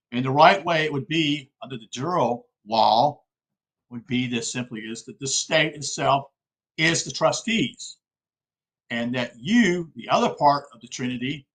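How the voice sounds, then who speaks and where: His voice is medium in pitch, slightly rough and a little bright, heard through a rough recording. The speaker, a South Carolina man, gives an informal lecture in an earnest way, addressing "folks" and repeatedly asking "okay?"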